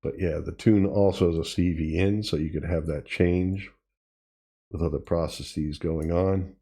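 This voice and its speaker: A man hosting a tutorial, casually demonstrating gear and thinking aloud with pauses and self-corrections. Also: low-pitched, steady tone, mellow, slightly rough, faint music behind. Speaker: tutorial host. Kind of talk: casual demo while playing. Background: drum machine sounds he is playing.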